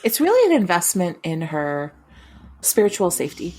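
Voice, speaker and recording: Expressive mid-pitched podcast guest. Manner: expressive, wry reactions and quick asides. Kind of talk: casual conversational chat.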